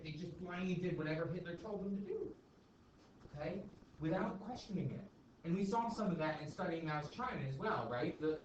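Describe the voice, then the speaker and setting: A male teacher lecturing a class in a casual, chatty way, checking in with "okay?" and "right?" all the time. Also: high voice. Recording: echoey classroom, far mic, dull and noisy.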